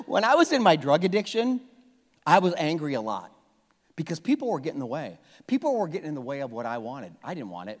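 A man preaching a sermon with passion, dropping from loud emphasis to hushed tones and often repeating his words. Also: a little high, big-room sound. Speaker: pastor.

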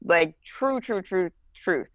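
A woman's voice: lowish voice, animated, fairly bright tone, dry recording. A woman from New Jersey co-hosting a casual political chat, frank and conversational. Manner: frank, conversational, with fillers and quick emphasis. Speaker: podcast co-host.

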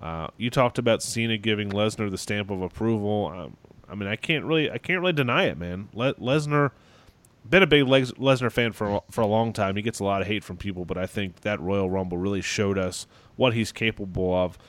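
A man's voice: on the low side, fairly quick. A man co-hosting a casual wrestling podcast, rambling with lots of fillers and restarts. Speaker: podcast co-host.

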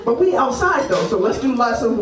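On stage at a live show, a woman tells a funny story in a slightly high voice at a fairly quick pace, swearing freely and laughing often in an animated way. The mic is distant, the room sounds roomy, and the crowd can be heard.

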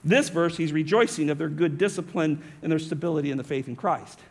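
A man's voice: on the high side, a little fast, breathy edge. A male pastor preaching a sermon, emphatic, often asking his listeners rhetorical questions.

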